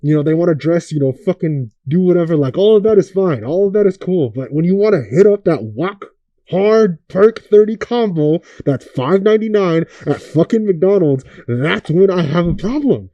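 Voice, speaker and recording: A young man with a dark, mellow voice, pitched a little high for a man. He rants through a casual podcast, swearing freely and firing off rhetorical questions. The sound is dry and close. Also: animated, moderate pace, dry recording, highs cut off. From Oakland area. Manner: profane, ranting, rhetorical questions. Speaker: podcast host.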